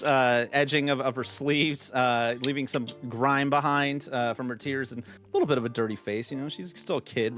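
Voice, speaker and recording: Man running a tabletop game, mid pitch, rambling with fillers, soft music behind. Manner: loose, rambling narration with many fillers. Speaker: game master.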